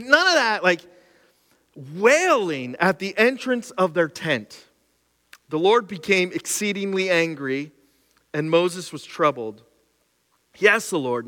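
Funny animated guy preaching a sermon, bright voice, long echo in a big church hall. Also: a little high, measured pace. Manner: humorous and animated, mocking asides. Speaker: pastor.

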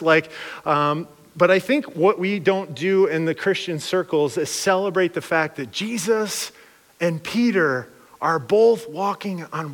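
A man's voice: on the high side, fairly bright tone, in a large hall. A man preaching a sermon in a casual, slangy way, acting out voices of the people he talks about. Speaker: pastor.

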